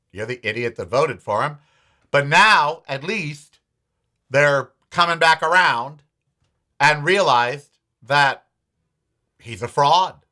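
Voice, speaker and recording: A man's voice: a little high, sharp tone. A man hosting his own show, giving blunt, sarcastic political commentary and swearing freely. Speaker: podcast host.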